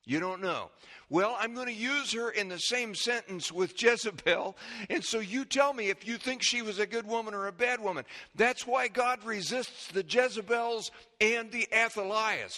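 A man preaching a sermon, reading scripture in a slow, measured way and then teaching the congregation with questions. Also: high-pitched, sharp tone. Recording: long echo of a large hall.

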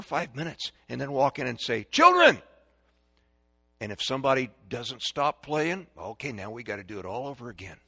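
Older guy preaching about raising kids, bright voice, swings up and down a lot, acts out the stories. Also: medium pitch, slightly rough, dry recording. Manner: animated storyteller, shouting drills to kids. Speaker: speaker on parenting. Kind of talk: folksy sermon-style talk.

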